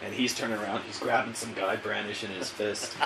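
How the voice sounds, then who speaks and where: A man appearing as a podcast guest, telling animated anecdotes with casual swearing. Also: lowish voice, fairly quick. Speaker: podcast guest, pro wrestler. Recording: echoey room with noisy background.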